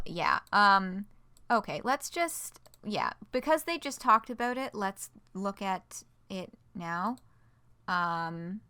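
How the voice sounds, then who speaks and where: A woman's voice: mid-range voice, sharp tone. A woman streamer reading a fan project announcement aloud, breaking off for playful, dry asides.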